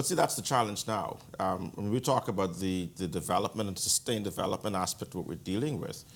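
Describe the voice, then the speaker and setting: Man, very low voice, deliberate interview guest. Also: slight background noise. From Bahamas. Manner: measured, deliberate, with frequent restarts. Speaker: guest economic commentator. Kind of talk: interview answer.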